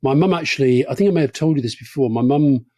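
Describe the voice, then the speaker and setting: Mellow dry-sounding older man. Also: mid-range voice, no echo. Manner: brisk, fills pauses with um and uh. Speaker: podcast co-host. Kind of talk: casual conversation.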